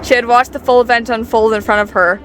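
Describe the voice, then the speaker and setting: A woman's voice: a little high, steady tone, fast, crowd noise. A woman streamer chatting casually and reading game narration, giggly and rambling.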